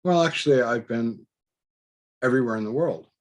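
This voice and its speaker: A man voicing a calm, kindly young male doctor who speaks reassuringly. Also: medium pitch, moderate pace, natural voice.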